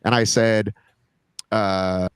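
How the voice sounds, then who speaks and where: A man's voice: fairly low pitch, level tone, very slow, clean tone, dry recording. A man hosting a podcast, telling a long story in casual chat, padding his talk with "like" and "right?". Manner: rambling, fills talk with "like" and "right?". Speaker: podcast host.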